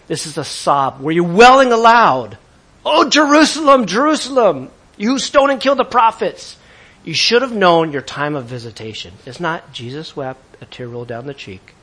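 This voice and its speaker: A man preaching a sermon with energy, swinging between loud emphasis and quiet asides and asking his congregation questions. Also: fairly high pitch, breathy edge. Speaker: pastor.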